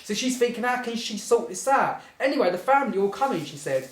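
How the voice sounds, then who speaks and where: A storyteller winds through a comic anecdote, giggling often and circling back with "anyway". The voice sits at a middling pitch. The recording carries a clear roomy echo. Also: very animated, quick pace. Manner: rambling, keeps saying "anyway", giggles through the telling. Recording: echoey room.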